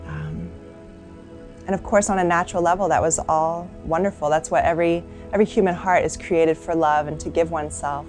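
A woman who is a religious sister speaks in a low, soft-spoken voice, reflecting on her calling. Light music plays faintly behind her. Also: fairly even intonation, fairly quick. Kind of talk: personal vocation testimony.

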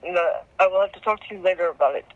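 A woman's voice: lowish voice, rapid-fire. A young woman on a phone call, rambling and scattered, swearing and apologizing as she talks. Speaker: caller.

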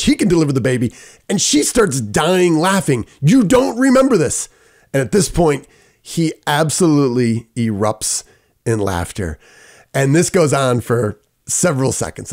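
A middle-aged man, hosting a podcast and telling a personal story with lively quoted dialogue. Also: fairly high pitch. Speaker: podcast host. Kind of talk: storytelling monologue.

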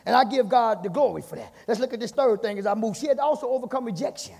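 A pastor preaching a fiery sermon, shouting, chanting and calling out to his congregation in a church. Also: very high voice, animated, fast talker, creaky, breathy edge. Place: church sanctuary. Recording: long church reverb, congregation faintly behind.

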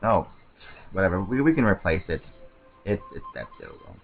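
Rambling, excitable man commentating a game. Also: sits low, moderate pace, vocal fry, narrow, tinny audio, soft background music. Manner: excitable, rambling self-talk with frequent stammered restarts. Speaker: let's play commentator. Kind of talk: casual gameplay commentary.

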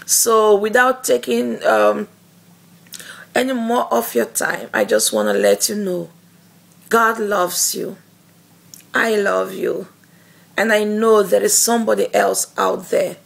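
Slow, gravelly-voiced woman evangelist. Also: medium pitch. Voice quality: gravelly, husky voice. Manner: slow, earnest, encouraging, with fillers and repetitions. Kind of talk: devotional video message.

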